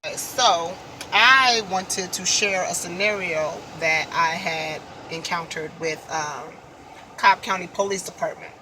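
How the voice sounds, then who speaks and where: A woman's voice: lowish voice, unhurried, background noise. A woman from Illinois earnestly recounting a personal experience in casual storytelling, her voice rising as she reenacts the dialogue. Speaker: vlogger telling a personal story.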